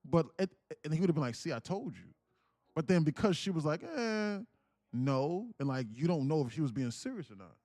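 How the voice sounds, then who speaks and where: A man's voice: fairly high pitch, quick pace, hardly any pauses, dark tone, dry recording. A man hosting a casual livestream, telling a story in a rambling, repetitive way and laughing as he goes. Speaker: livestream trading host.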